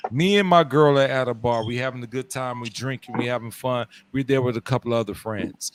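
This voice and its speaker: A man's voice: medium pitch, fairly quick, background noise. A man in his early forties telling stories in casual chat, acting out other people's voices as he goes. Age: 40s. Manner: storytelling, acts out quoted voices.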